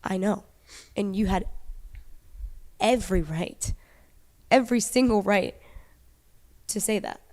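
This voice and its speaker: A woman's voice: medium pitch, slow pace, pauses often, darkish tone. A woman hosting a podcast, reassuring her guest in casual chat. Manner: supportive, reassuring.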